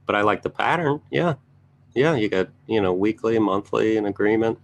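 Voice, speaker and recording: A man's voice: fairly low pitch, animated, moderate pace, gravelly, a little hiss or hum. A man giving casual live market commentary, thinking aloud as he scans charts and making chatty asides to his viewers. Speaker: trading educator reviewing charts.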